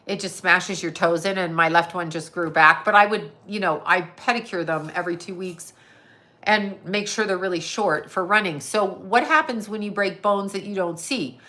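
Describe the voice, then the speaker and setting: Her mid-range voice sounds pushed and bright. This middle-aged psychic medium from Canada runs a laid-back livestream, drifting between tangents, cursing openly and responding to the chat as it comes in.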